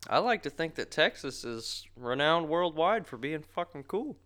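Male podcast co-host, clear smooth tone, wisecracking and combative. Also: a little high, very animated, normal speed, bright, forceful tone. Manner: joking, profane, argumentative. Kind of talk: casual podcast chat.

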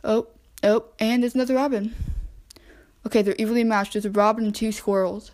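Young woman podcasting from home, kinda high voice, rambly, chatting to squirrels n bugs out the window. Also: steady tone, a little fast, darkish tone. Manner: chatty, easily distracted, talks to animals. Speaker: podcast host. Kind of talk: casual solo chat narrating backyard wildlife.

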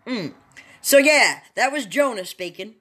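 Bright-voiced woman reading scripture. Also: on the high side, lively intonation, husky. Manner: sing-song, drawn-out dramatic reading; chatty asides to listeners. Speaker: Bible reader. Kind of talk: dramatic scripture reading with asides.

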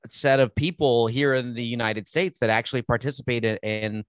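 A male podcast host chatting casually with a guest. He speaks at a middling pitch and stops and restarts often, repeating words as he goes. The sound is dry, with no room echo. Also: fairly even intonation, normal speed. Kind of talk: casual interview chat.

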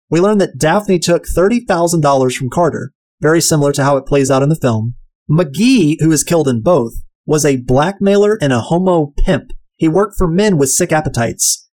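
Male reviewer, casual and profane, voice sits a bit high. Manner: blunt and profane, chatty. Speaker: book and film reviewer. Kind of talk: casual commentary.

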